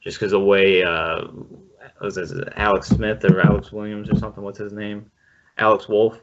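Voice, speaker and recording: A man hosting a casual podcast, talking in a relaxed, rambling way with some swearing. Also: lowish voice, normal speed. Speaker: podcast host leading the film discussion. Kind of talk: casual chat. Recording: dull lo-fi podcast audio.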